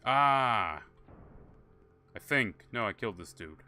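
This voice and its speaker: A man's voice: lowish voice, lively intonation, slow pace, pushed and bright, soft background music. A man streaming a game, chatting to his viewers and telling rambling, profane stories. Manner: rambling, profane, laughing storyteller. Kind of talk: casual gameplay commentary.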